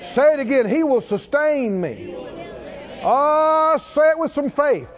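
A man preaching a sermon, calling on the congregation to answer back and building up to shouts. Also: extremely high pitch, big pitch swings, slow pace, some chatter behind. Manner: call-and-response, coaxing the congregation, rising to shouts. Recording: dull sound with long hall reverb.

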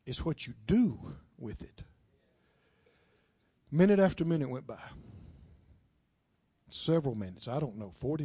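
Preacher, male, high and unhurried, impassioned drawn-out emphasis, dull dry lo-fi recording. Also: warm tone, slightly rough. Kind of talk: sermon with storytelling.

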